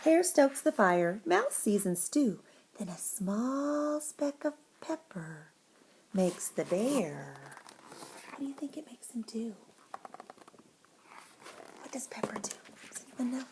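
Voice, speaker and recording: A woman teacher reading a picture book to young children, expressive and often dropping to a whisper. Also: medium pitch, slow, pauses often, slight background noise.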